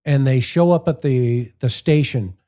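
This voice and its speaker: A man, a former investigator turned show host, analyzes press conference clips in a warm, mid-range voice that runs a little slow. He lays out his points one at a time in plain language, acting out anecdotes along the way.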